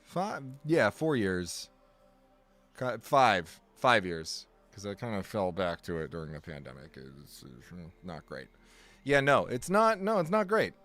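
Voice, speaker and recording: With a lowish, fairly bright voice that swings hugely in pitch, a man talks at a measured pace over faint background music. It's casual live game stream chatter: rambling, frequently restarted and self-corrected, and packed with exaggerated, self-deprecating humor.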